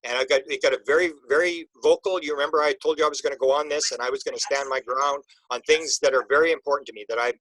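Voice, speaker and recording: A man, an interview guest, telling an emotional personal story in a halting way, with many restarts and repeated words. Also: on the high side, steady tone, fairly bright tone, no room sound, low-quality recording.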